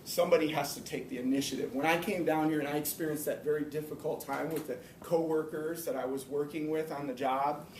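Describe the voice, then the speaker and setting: A man giving a personal, earnest motivational talk to a live audience, slowing down to stress his main points. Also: fairly even intonation. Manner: earnest, emphatic, slows down to stress key points. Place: hall or room before an audience. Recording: echoey room, speaker far from mic, faint rumble.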